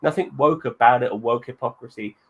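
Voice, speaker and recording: A blunt man in casual movie-review banter, swearing freely and hammering his points home. His voice sits at an ordinary middle pitch for a man. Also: fairly quick, a bit bright, breathy edge, lo-fi sound. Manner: blunt, heavy swearing, emphatic. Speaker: podcast co-host.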